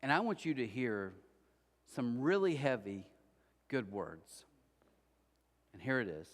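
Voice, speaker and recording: Lively-voiced male pastor, reverberant hall. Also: medium pitch, moderate pace, pauses often. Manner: animated storyteller acting out quoted voices. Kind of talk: sermon with storytelling. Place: church auditorium.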